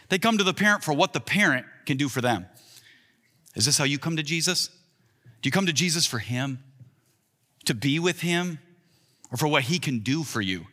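Man, thirties, pastor, earnest sermon, bright forceful voice, long reverb. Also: fairly high pitch, sing-song, moderate pace, long pauses. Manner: earnest, rising for acted-out quotes. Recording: long reverb in a large hall.

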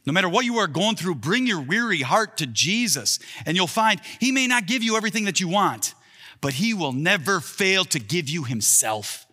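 A man's voice: high voice, big pitch swings, normal speed, pushed and bright. A man in his thirties preaching an earnest sermon as a pastor, voicing the quoted lines with more lift. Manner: earnest, rising for acted-out quotes. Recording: long reverb in a large hall.

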